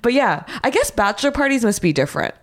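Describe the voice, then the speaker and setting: Animated laughing young woman, lively pitch. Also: fast talker. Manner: laughing, animated storytelling with playful quoted voices. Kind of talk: casual chat.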